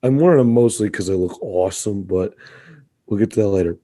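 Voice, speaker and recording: A young man co-hosting a comedy podcast, riffing in an animated, mock-outraged way and laughing often. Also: on the low side, a little fast. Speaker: podcast co-host. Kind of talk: casual comedic chat.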